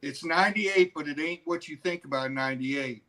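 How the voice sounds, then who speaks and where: A man guest on a sports podcast, telling a memory in a measured way. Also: a little high, a bit bright, low-quality recording. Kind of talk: casual sports banter.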